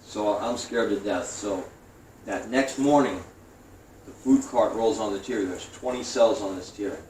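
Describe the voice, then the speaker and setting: A man in his forties from New York tells his story in a lowish, profane, animated voice. The room gives it a roomy echo, and the mic sits some distance away. A faint hiss runs underneath. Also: a little slow. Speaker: guest. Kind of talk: storytelling interview.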